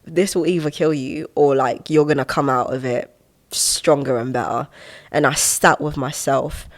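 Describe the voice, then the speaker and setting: A young woman in her twenties, a podcast guest who talks in an expressive, animated way and laughs often while reflecting on her life. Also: low-pitched. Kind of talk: reflective conversational storytelling.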